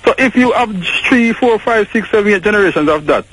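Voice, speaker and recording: A man's voice: sits high, expressive, a little fast, fairly bright tone, breathy edge, rough recording. A Jamaican man calling in to a radio show, making his points with rhetorical questions. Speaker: caller. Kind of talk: radio call-in chat.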